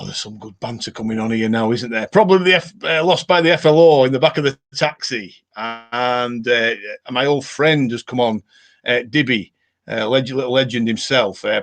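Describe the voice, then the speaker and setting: During a casual live stream, a man with a northern English accent goes through viewer comments and chats rambling on, with many fillers. His medium-pitched, fairly bright voice is expressive, and he keeps a moderate pace.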